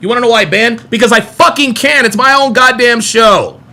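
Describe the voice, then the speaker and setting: Combative high-pitched male streamer. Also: fairly quick, sharp tone. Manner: combative, repetitive, profane. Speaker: host of a live call-in stream. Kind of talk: heated live stream commentary.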